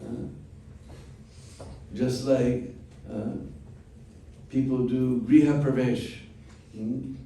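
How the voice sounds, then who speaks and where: A man's voice: medium pitch, fairly even intonation, warm tone, distant mic. Man telling a story in an echoey room. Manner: unhurried, with frequent "hmm?" check-ins. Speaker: spiritual teacher. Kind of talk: storytelling class.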